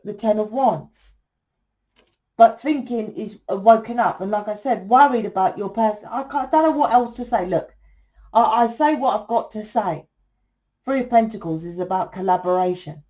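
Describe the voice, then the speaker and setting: Woman, tarot reader, casual monologue, blunt, swearing, mellow voice. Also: fairly high pitch. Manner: blunt, swears freely, keeps asking "right?".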